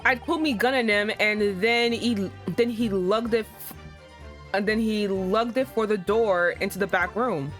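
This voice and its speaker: A woman voicing a rough male thief witness with a put-on Cockney accent, gruff and rambling. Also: mid-range voice, a little slow, faint music behind, lightly acted. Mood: nervous.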